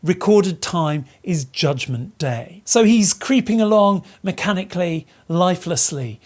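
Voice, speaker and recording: A woman's voice: on the low side, expressive, a little slow, a little mellow. A woman teaching literature in an educational video. She explains the text and asks rhetorical questions to stress her points.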